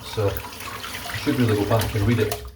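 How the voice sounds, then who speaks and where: A lower-voiced man talks about his reading in a loose, rambling way and swears casually as he goes. He sounds a little distant from the mic, and the hard bathroom walls give him a hollow echo. Running tap water is clearly heard behind him. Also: little pitch movement, moderate pace, background noise. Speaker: vlogger. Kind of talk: casual chat.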